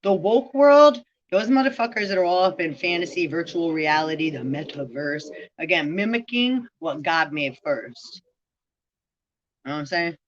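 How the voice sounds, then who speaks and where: A woman's voice: deep voice, lively intonation, moderate pace, lo-fi sound. A woman vlogging a rambling spiritual monologue, profane and full of free-associating word play.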